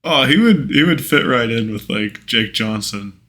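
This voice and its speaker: A man's voice: medium pitch, lively intonation, unhurried, a bit bright. A man co-hosting a podcast in casual chat, dropping in short dry remarks. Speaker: podcast co-host.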